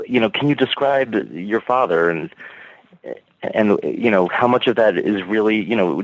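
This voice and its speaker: A man's voice: lowish voice, dry recording, poor audio. A man from Virginia calling in to ask earnest, wordy questions of a podcast host. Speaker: caller. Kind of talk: phone-in questions.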